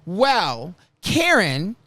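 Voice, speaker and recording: A man hosts a casual podcast and tells a dramatic story. His pitch swoops widely, and he acts out the quoted lines with theatrical flair. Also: extremely slow, no room sound. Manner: animated, dramatic retelling with acted quotes. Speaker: podcast host.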